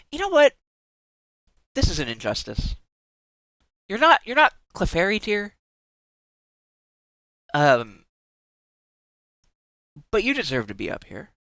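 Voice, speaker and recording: A young adult streamer talking in unhurried, casual live-stream chat. The pitch swings widely as they giggle and gush, with the odd swear thrown in. The sound is close and dry, with no room around it. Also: pushed and bright, no echo.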